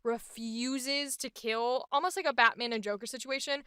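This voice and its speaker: A young adult woman hosting a casual voice acting vlog, talking in an animated, enthusiastic way. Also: a little high, moderate pace, clean tone, dry recording, clean studio sound. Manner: animated, enthusiastic, filler-heavy talk. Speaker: voice actor and host.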